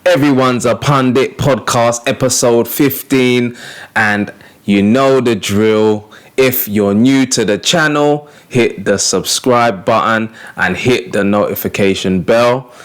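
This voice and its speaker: A man's voice: mid-range voice, slow. A man hosting a casual football podcast, upbeat and slangy, laughing often. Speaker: podcast host.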